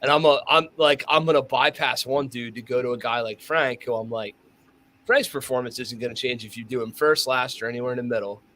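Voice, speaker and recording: A man in casual podcast chat, swearing freely as he tells stories from the range. His voice sits at an ordinary middle pitch, and he slips into quick impressions of the people he is describing. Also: a little hiss or hum. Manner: profane, animated storytelling with acted-out voices. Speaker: podcast co-host, firearms instructor.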